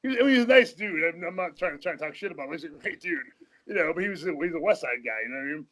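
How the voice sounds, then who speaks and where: A man's voice: fairly high pitch, animated, racing, fairly bright tone, low-quality recording. A man telling rambling, profane stories as a guest in a casual interview, often laughing mid-sentence. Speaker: podcast guest.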